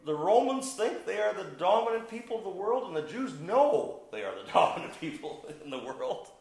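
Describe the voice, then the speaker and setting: A man's voice: high voice, animated, normal speed, vocal fry, darkish tone, reverberant, low-quality recording. A man preaching a sermon, teaching verse by verse with emphatic, playful asides and questions to the congregation. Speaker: pastor.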